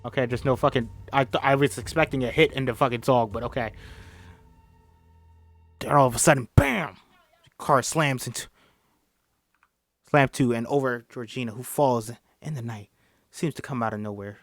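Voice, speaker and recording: Man reading a screenplay casually, mid pitch, stumbling and self-correcting, dry sound. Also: fairly even intonation, a little fast, no echo, faint music behind. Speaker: script reader.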